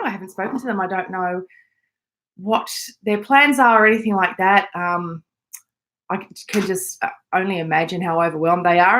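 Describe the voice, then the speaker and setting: A woman's voice: medium pitch, a bit bright. An Australian woman hosting a casual live chat from home, chatting and reading out viewer messages. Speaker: podcast host.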